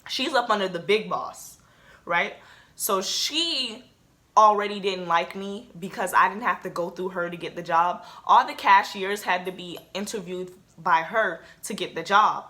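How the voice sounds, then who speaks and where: A woman's voice: mid-range voice, unhurried, sharp tone. A woman in her late teens telling a casual storytime to her camera, chatty and full of fillers. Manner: chatty, with many "like"s and "um"s. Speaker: vlogger.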